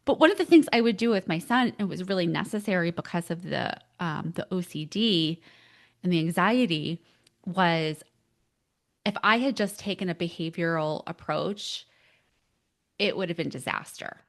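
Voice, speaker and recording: A middle-aged woman, a parent coach, telling stories on a podcast, lively, filler-heavy and laughing often. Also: lowish voice, normal speed. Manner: animated storytelling, laughs often, many fillers. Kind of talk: casual podcast conversation.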